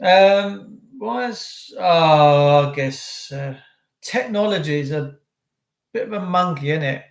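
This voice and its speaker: A man's voice: on the high side, animated, slow, reverberant. A man hosting a casual livestream, chatting and bantering with viewers in a rambling way. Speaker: livestream host.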